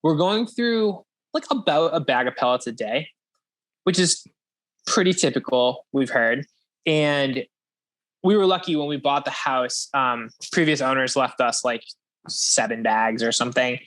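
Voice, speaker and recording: A man's voice: mid-range voice, measured pace, fairly bright tone. A young man hosting a podcast, chatting casually and rambling with frequent swearing and laughter. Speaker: podcast host. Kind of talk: casual chat.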